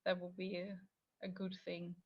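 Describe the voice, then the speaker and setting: A woman's voice: fairly low pitch, completely flat delivery, moderate pace, lo-fi sound. A woman taking part in a coaching video call, speaking hesitantly with many fillers. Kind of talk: hesitant casual sharing.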